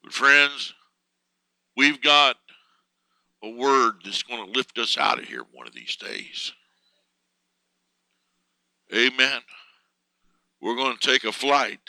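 Preacher guy, smooth clear voice, gets loud n slow on the big words. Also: mid-range voice, animated, no room sound, rough recording. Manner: fervent preaching, swells louder and slower on key words. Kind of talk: sermon.

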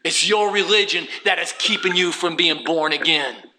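A man preaching a fervent sermon, dropping low and then rising to shouts. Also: normal speed, a little hiss or hum. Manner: fervent, swings from quiet to shouting.

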